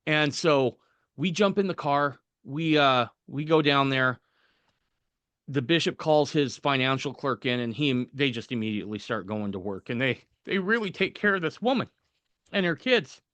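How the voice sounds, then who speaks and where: A man's voice: mid-range voice, normal speed, dry recording. Man telling a story with self-deprecating laughs. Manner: animated anecdote-telling, acting out quoted voices, laughing at himself. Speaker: podcast guest telling a personal story. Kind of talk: casual storytelling.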